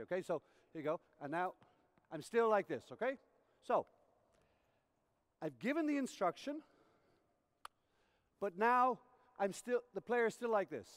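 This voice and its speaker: A man giving a coaching lecture at a conference, explaining through acted-out examples and often checking in with his audience. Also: sits high. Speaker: tennis coach educator. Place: conference hall. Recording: reverberant hall recording.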